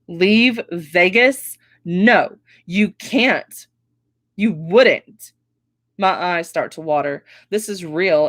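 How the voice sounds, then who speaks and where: A woman reading her own novel aloud, telling it in an expressive first-person way. Her voice sits on the low side and sounds dry and close to the mic. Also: no echo. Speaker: author reading her book.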